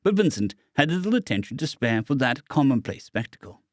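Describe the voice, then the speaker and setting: A man's voice: mid-range voice, very animated, a little fast, no room sound. Man narrating an audiobook, dry and close.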